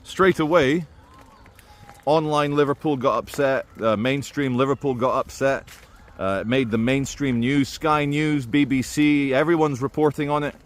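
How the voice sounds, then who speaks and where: Speaking at normal speed with a medium-pitched voice, this male vlogger offers rambling, casual commentary to camera, full of fillers and restarts and sprinkled with dry, offhand remarks.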